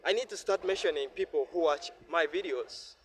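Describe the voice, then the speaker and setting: A man's voice: fairly high pitch, moderate pace, fairly bright tone. A Ugandan man talking to his viewers in a vlog, earnest and repetitive, speaking from the heart. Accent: Ugandan English. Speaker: vlogger. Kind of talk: reflective vlog monologue. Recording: faint ambient noise.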